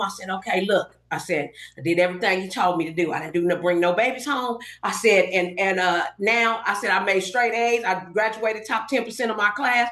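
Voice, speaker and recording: A middle-aged woman from Los Angeles, a podcast guest telling a story and acting out the lines of everyone in it. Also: mid-range voice. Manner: animated storyteller acting out quoted dialogue. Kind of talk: casual storytelling interview. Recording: roomy echoey podcast room.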